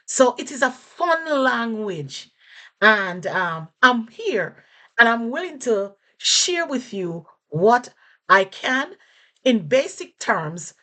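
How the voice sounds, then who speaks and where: A woman's voice: lowish voice, a bit bright. A Jamaican woman teaching basic phrases in a casual spoken lesson, repeating and rephrasing things for learners. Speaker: language teacher.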